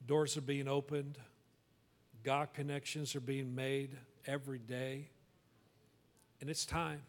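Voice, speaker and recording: Earnest pastor introducing a guest. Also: male voice, mid-range voice, level tone, slow. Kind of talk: sermon.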